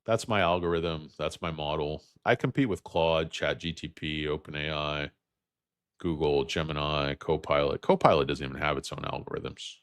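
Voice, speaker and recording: A tired, hoarse-edged man in his fifties rambles through a livestream about stocks with a very deep, low voice. He jokes and drifts from tangent to tangent, recorded close and dry. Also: fairly even intonation, normal speed, a bit bright, dry recording. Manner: rambling, joking, tangent-prone. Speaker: host.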